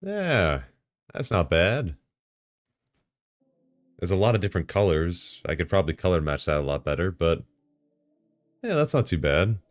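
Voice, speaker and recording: A man live-streaming, talking casually to himself and his chat while setting up software, swearing and bursting into excited outbursts. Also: sits low, normal speed, pauses often, no echo, clean studio sound.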